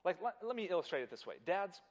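A man preaching to a congregation in an emphatic, animated way, often doubling his words as he speaks directly to the room. His voice sits a little higher than most men's. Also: quick pace. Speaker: pastor. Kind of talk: sermon.

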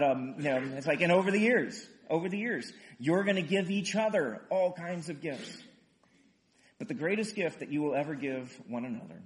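A man preaching a sermon in a conversational way, with fillers and restarts, building to loud emphatic runs and dropping soft at the ends of lines. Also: a little high. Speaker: pastor.

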